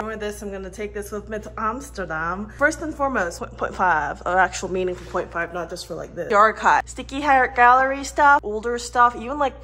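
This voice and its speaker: A woman's voice: mid-range voice, bright, forceful tone. A woman in her twenties giving a chatty, playful tour of her art studio, with giggly asides, recorded on a phone indoors. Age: 20s. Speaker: vlogger and illustrator. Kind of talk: casual studio tour vlog. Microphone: phone camera mic.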